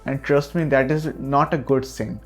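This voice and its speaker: A man's voice: mid-range voice, fairly even intonation, moderate pace, faint music behind. A man giving a product review of a microphone, talking earnestly and reassuring the listener again and again, recorded on a USB desk mic. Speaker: tech reviewer.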